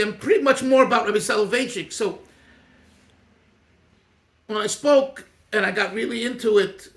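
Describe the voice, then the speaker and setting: A man teaching an informal Torah class as a rabbi, talking in an animated, digressive way with many restarts. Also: high-pitched, roomy sound.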